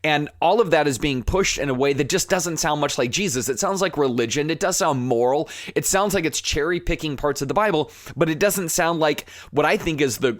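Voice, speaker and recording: A man hosting a podcast, talking in an earnest, conversational way, with fillers and restarts, sometimes growing fired up and animated. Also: a little high, no echo. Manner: rising to animated emphasis when fired up. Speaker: podcast host. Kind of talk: impassioned podcast monologue.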